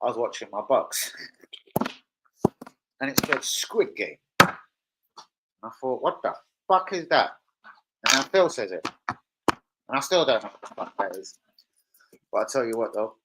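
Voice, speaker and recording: A man's voice: mid-range voice, sing-song, measured pace, long pauses, heavy background noise. A man hosting a casual fan live stream, crude and rowdy, joking with his chat. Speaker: fan channel host. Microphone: streaming setup.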